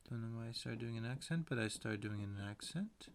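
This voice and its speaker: A man's voice: medium pitch, brisk, gravelly, hardly any pauses. A man casually narrating as he paints a tiny picture, rambling to himself with playful sound words. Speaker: painter and video maker.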